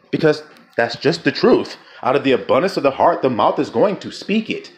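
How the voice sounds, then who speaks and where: A man preaching a fervent sermon, reading scripture slowly and firing questions at his listeners. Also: mid-range voice. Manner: fervent, questioning the audience, drawn-out quotes.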